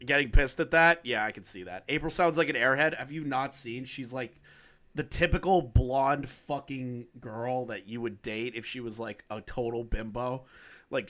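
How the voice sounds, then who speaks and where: A man's voice: fairly high pitch, fairly bright tone. A man hosting a commentary video, giving blunt and profane casual opinions on a clip he is reacting to. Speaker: commentary channel host. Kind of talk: drama commentary over a clip.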